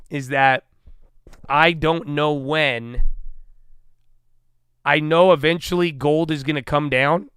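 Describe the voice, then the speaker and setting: A man's voice: mid-range voice, fairly bright tone, smooth, dry recording, clean studio sound. A young man hosting a casual livestream, talking animatedly, swearing freely and acting out his own inner dialogue. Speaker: livestream host.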